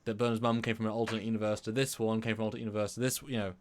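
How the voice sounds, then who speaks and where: A man from England co-hosting a live stream discussion, talking in an animated, rambling way with many restarts. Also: fairly low pitch, racing. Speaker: co-host.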